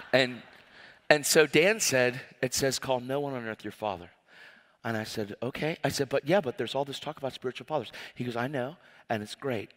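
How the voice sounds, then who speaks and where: A man preaching a storytelling sermon, animated and often laughing as he acts out conversations. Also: mid-range voice. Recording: long reverb of a hall.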